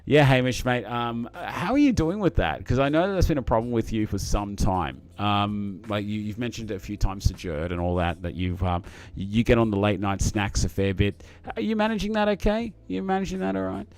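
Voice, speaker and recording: A man's voice: lowish voice, lively intonation, a little fast, few pauses, a little mellow. Rambling, matey man chatting on a live stream. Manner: rambling, frequent fillers and restarts, matey. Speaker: livestream host reading chat. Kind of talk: casual live-stream chat.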